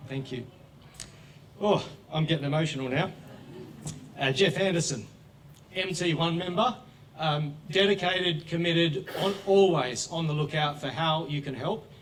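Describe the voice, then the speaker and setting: A man with an Australian accent giving a grateful speech at a live event as a charity co-founder, trailing off softly with fillers. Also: fairly high pitch, normal speed, a little hiss or hum. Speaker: charity co-founder thanking supporters. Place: event hall with an audience. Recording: distant mic in a crowded hall.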